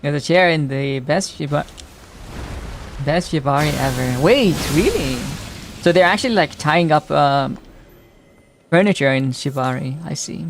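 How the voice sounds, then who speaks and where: Male game streamer, casual and teasing, voice on the higher side, laughs a lot while riffing on chat. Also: a little slow, long pauses, faint music behind. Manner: chatty, teasing, laughs often, reacts to chat.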